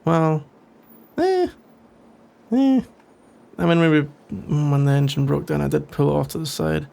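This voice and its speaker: A man plays a sarcastic young office rival for an ASMR role-play, grumbling in a dry voice that is heavily gravelly and gritty. His tone sits a bit on the high side for a man. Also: flat delivery, brisk, darkish tone.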